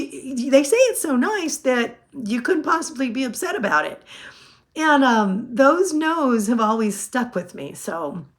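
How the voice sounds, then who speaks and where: A woman's voice: a little high, a bit bright. A woman in her fifties chatting casually to her viewers as a weight-loss vlogger, rambling and laughing often. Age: 50s. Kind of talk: casual chat to camera.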